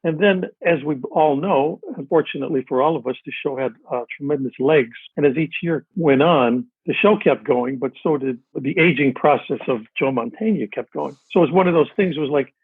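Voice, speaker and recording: An older man speaks as a guest over a tinny, phone-like line, his voice husky and set a touch high. The sound is dry, with no room around it. He tells his stories in a relaxed, self-deprecating way. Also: fairly quick, few pauses, dry recording. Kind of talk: casual interview chat.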